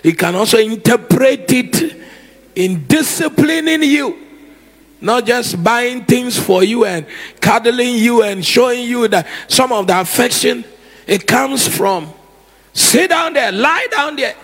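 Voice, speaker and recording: A man preaching a sermon, animated, acting out scenes with shouts and laughter. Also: extremely high pitch, slow pace. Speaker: pastor.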